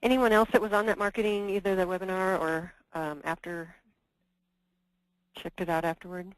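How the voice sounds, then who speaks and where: Woman, conference call presenter, hesitant with fillers, low-ish voice, dry sound. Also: fairly even intonation, normal speed, dry recording, low-quality recording. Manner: hesitant, many fillers and restarts. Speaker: meeting presenter.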